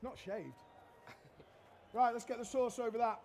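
A middle-aged chef with a strikingly high voice for a man, running a cooking demo on a trade show stage. He is a cheeky, loud-mouthed joker who teases his helpers and the crowd. Faint hall noise hums behind him. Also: steady tone, measured pace. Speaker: chef giving a cooking demonstration. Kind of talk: live cooking demo with banter.

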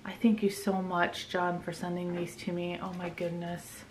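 A middle-aged woman vlogging at home, gushing over gifts and often dropping into a hushed whisper. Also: lowish voice, level tone, moderate pace, recorded from a distance, a little hiss or hum. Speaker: pet vlogger. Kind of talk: casual vlog, unboxing gifts. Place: bedroom at home. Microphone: camera mic. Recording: roomy home audio, slightly off-mic.

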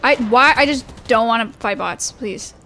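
A young woman with a fairly high voice streams a shooter game and talks to her chat in nervous, repetitive bursts. She sounds jittery and keeps muttering to herself as she plays, and there is a faint hiss under her voice. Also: normal speed, sharp tone. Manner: anxious, repetitive, talking to chat while playing. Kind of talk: live gaming commentary.

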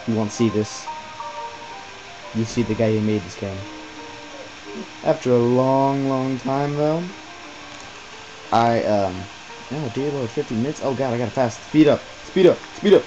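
A man's voice: medium pitch, muffled recording. A man casually commentating a game, rambling, joking crudely and swearing a lot. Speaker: gaming video host. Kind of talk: casual let's-play commentary.

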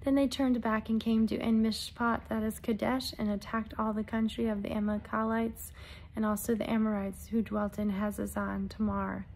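Woman, higher pitch, solemn earnest proclamations, prophetic messages, scripture reading. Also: little pitch movement, normal speed, gravelly, darkish tone, a little hiss or hum. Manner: solemn, earnest first-person proclamations in short phrases. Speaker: self-styled prophetic messenger.

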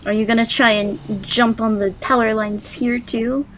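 A woman's voice: on the high side, flat delivery, moderate pace, a little hiss or hum, poor audio. A woman on a game stream, asking dry teasing questions. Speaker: co-player, voice actor. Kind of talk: casual let's-play banter.

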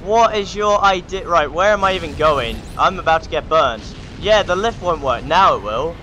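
A man's voice: fairly high pitch, animated, normal speed, pushed and bright. A man hosting a gaming channel, giving joking, sarcastic let's play commentary. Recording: game sound noise behind the voice.

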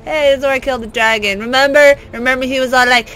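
A woman hosting a let's play, giving silly, excitable gameplay commentary and bursting into yells. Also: high-pitched, fast, hardly any pauses, soft background music. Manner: excitable, silly, prone to sudden yelling.

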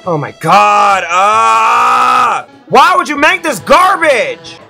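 A man giving excitable, slangy let's-play commentary to his viewers as a YouTube gamer. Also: very high-pitched, very slow, gravelly, faint music behind.

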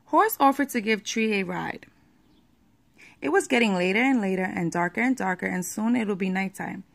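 A woman reading a children's picture book aloud at a steady pace, with the odd small slip. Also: medium pitch, moderate pace, creaky.

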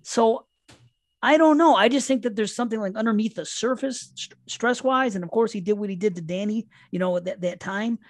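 A man's voice: sits high, brisk, dry recording, studio quality. A man guesting on a podcast, chatting casually about horror films in a rambling, self-interrupting way with plenty of swearing. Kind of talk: casual horror film chat.

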